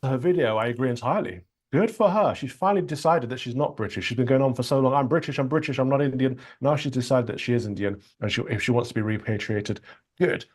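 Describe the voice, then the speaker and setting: A man answers as a guest in a broadcast interview, stating blunt, firm opinions. He talks quickly in an ordinary middle pitch. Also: expressive, darkish tone. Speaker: guest commentator in a clip. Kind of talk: TV interview commentary.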